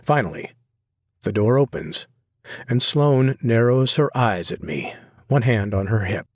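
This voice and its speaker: A man narrating a first-person romance audiobook in a low-key, wry inner-monologue manner. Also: animated, measured pace, dry recording, clean studio sound.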